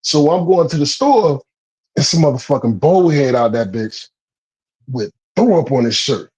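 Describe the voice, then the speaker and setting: A man telling stories in a casual, profane chat, animated and laughing often. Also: mid-range voice, normal speed, rough recording.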